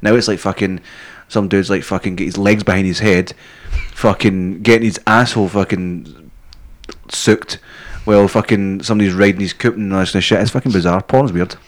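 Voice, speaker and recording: A man's voice: sits low, steady tone, a little fast. A Scottish man co-hosting a podcast, rambling and swearing constantly as he jokes. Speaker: podcast co-host. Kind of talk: crude casual chat.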